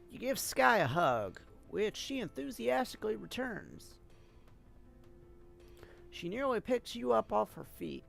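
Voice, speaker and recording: A streamer reading a game's narration aloud on a live stream, unhurried and expressive, with casual asides. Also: medium pitch, gravelly.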